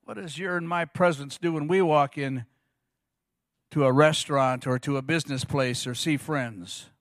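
A middle-aged male pastor preaching a sermon, telling stories with animated quoted voices. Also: on the high side, moderate pace, no room sound, clean studio sound. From Arizona.

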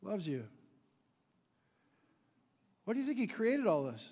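High-voiced pastor preaching in a reverberant hall. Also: male voice, a little slow, husky. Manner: animated preaching, swinging between loud emphatic peaks and low quiet drops; playful asides with chuckles to the congregation. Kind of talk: sermon. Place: church sanctuary. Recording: long church hall reverb.

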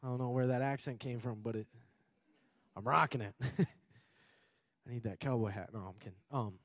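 A man of medium pitch, speaking at normal speed, preaches as a pastor from Minnesota, USA. He is earnest and emphatic, repeating phrases often and laughing occasionally, with no room sound in the recording.

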